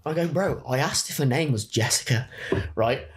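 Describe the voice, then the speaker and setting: A young man, a podcast guest telling rambling anecdotes in casual chat. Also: medium pitch. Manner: fast, rambling anecdotes, laughs mid-story.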